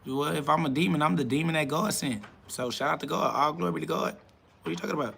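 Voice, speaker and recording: Gravelly, combative male live streamer. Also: fairly high pitch, fast, a bit bright, a little hiss or hum. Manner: combative, profane, answers chat comments. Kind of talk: ranting live stream talk.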